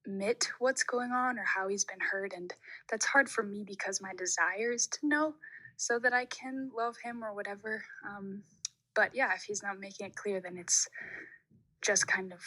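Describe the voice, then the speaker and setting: A woman's voice: medium pitch, pushed and bright, low-quality recording. A young woman sending in a recorded question to an advice show, speaking earnestly with frequent ums.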